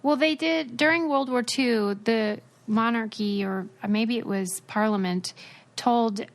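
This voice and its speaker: A woman's voice: fairly high pitch, a little slow. A woman co-hosting a podcast, chatting casually and musing in an earnest, thoughtful way. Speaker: podcast co-host. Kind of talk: casual chat.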